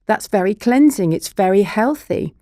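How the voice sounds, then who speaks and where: A woman's voice: medium pitch, lively intonation, moderate pace, warm tone, dry recording, studio quality. A middle-aged woman, a child therapist and broadcaster, explaining things earnestly as a guest in a podcast interview. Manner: earnest, explanatory, science-minded.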